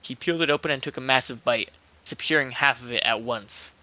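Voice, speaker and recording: A man's voice: medium pitch, brisk, bright, forceful tone. A man casually reading a spooky internet story aloud, laughing and joking between lines with a co-reader.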